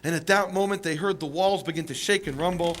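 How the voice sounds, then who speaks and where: High-voiced man telling a lively story. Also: fast. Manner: animated, acts out the quotes with big pitch jumps and laughs. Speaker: teacher of the Bible. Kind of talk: storytelling sermon.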